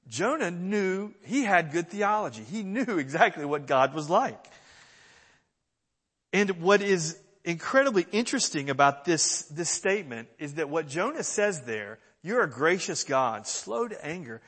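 A man preaching a sermon, earnest and animated, acting out the pleas he quotes. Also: a little high, unhurried, breathy edge. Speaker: pastor. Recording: long church reverb.

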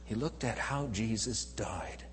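Male preacher, unhurried delivery, long hall reverb, faint hum. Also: lowish voice, animated. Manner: slow, swells from quiet to loud emphatic calls. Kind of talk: sermon.

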